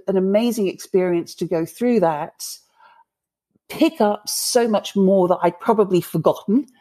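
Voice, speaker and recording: Upbeat woman, mellow voice. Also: lowish voice. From United Kingdom. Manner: upbeat and enthusiastic. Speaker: guest, bookkeeping business owner. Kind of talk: casual interview chat.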